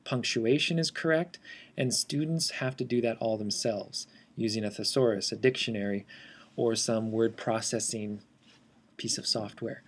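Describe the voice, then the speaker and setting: A man teaching assistive technology in a screencast walkthrough, explaining in a steady, teacherly way. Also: on the low side, normal speed, husky.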